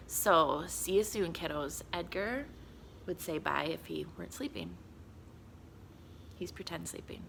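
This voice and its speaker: A woman reading a children's story aloud for young listeners. Her voice is bright and clear with lively, animated pitch. Her delivery is expressive and warm to the story. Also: unhurried, slight background noise. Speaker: children's book reader.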